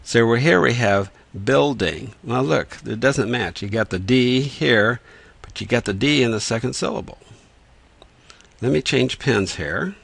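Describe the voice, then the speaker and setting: A man teaching reading rules in a patient, methodical lesson, slowly sounding out words as he writes. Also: medium pitch, animated, vocal fry, husky. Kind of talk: explanatory lesson with whiteboard.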